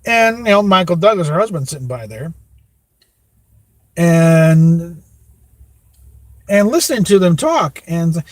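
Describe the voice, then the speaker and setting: A man's voice: on the high side, big pitch swings, unhurried, pauses often, dry recording. Rambling man, dry close sound. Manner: rambling, many fillers, chuckles often. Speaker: podcast host. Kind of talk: rambling casual chat.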